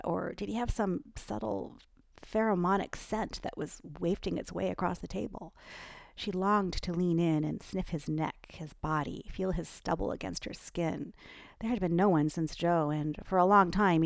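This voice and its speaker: A woman reads her own novel aloud with lively, expressive narration. Her voice is low and gravelly, recorded close and dry with no room sound. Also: normal speed, no room sound.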